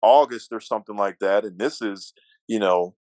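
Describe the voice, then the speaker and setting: A man telling a story as a podcast guest, lively and self-deprecating, stumbling over restarts. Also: fairly low pitch, normal speed, no echo. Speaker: guest, athletic director.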